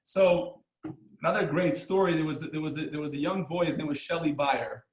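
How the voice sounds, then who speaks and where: A man teaching a class as a rabbi, telling stories and jokes in an animated, chuckling way, acting out the lines of the people in them. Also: fairly high pitch, fairly quick, echoey room, poor audio. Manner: animated, chuckling storyteller who acts out the characters' lines. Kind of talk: storytelling lesson with jokes.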